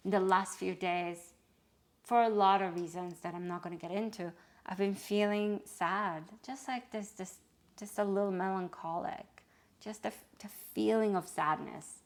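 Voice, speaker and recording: A woman hosting a reflective self-help video, talking gently and openly about her feelings, often pausing and restarting to search for words. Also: mid-range voice. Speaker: wellness video host.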